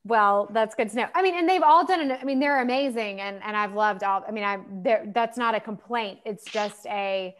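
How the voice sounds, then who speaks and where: A woman's voice: mid-range voice, moderate pace, hardly any pauses, a little hiss or hum. Chatty woman author on a video call, lots of um and like, laughs a lot. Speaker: author guest. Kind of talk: casual interview chat.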